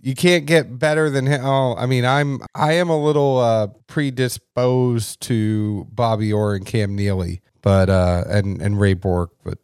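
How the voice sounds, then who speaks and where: Chatty host dude, excited asides, dry close mic. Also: male voice, medium pitch, measured pace, hardly any pauses, clean tone, dry recording. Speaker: interview host. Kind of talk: casual interview chat.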